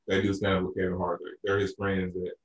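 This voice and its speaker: A man's voice: sits low, monotone, fast, recorded from a distance, highs cut off. A man from Arkansas telling a rambling story in casual chat, with many restarts and fillers. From Arkansas, USA. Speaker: podcast co-host. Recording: roomy echo, a bit off-mic.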